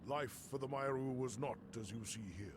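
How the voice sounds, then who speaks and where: An actor playing a male academy master in a video game, speaking in a measured, formal way. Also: mid-range voice, background noise, close to an everyday voice. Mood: lofty.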